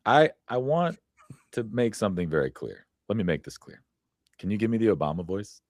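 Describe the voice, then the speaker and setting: A man's voice: on the low side, big pitch swings, brisk, a little mellow, no echo, clean studio sound. A man co-hosting a casual podcast chat, blunt and profane, laughing often between points. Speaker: podcast co-host.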